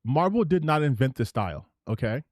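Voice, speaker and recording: A man hosts a live stream, talking over clips in loose reaction commentary. He rambles, restarts his sentences and keeps his pitch bouncing around. The sound is dry and close, with no room around it. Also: fairly quick, no echo. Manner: animated and rambling, with many restarts. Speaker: streamer host.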